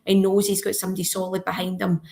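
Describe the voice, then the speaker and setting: A woman's voice: mid-range voice, completely flat delivery, fast talker, creaky, dark tone. A woman co-hosting a football podcast, chatty and fond of tag questions. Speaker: podcast co-host. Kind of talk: casual football podcast chat.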